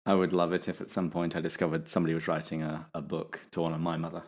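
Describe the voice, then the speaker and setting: A man's voice: low voice, completely flat delivery, fast talker. A man hosting a podcast interview, asking questions in an easygoing way and laughing often. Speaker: podcast host. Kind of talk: casual interview.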